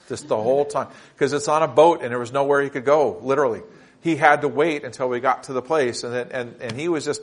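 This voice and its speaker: A man preaching a conversational sermon, mixing folksy anecdotes and rambling asides with rising, emphatic points and scripture readings. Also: mid-range voice. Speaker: pastor.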